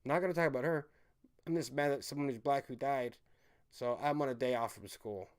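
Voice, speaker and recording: A man hosting a live stream, ranting in a heated, profane way that swings between shouting and muttering. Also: mid-range voice, brisk.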